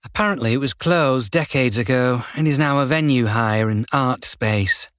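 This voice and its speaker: A man voicing a brisk, businesslike male officer speaking over a radio in an audiobook. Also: mid-range voice, a bit bright, clear, resonant tone, no echo, clean studio sound, lightly acted. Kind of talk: audiobook character voice.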